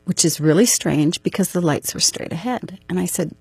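A middle-aged woman with a slightly low, husky voice tells a personal story as an interview guest. She goes through the events earnestly, step by step. The sound is dry and close. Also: expressive, normal speed, darkish tone, no room sound, faint music behind.

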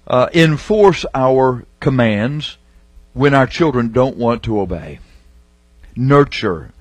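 A middle-aged male preacher delivers an emphatic sermon, drawing out key words when he reads scripture. His voice is husky and sits at an ordinary pitch. The sound is dry and close. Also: no echo. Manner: emphatic, slows down to stress scripture phrases.

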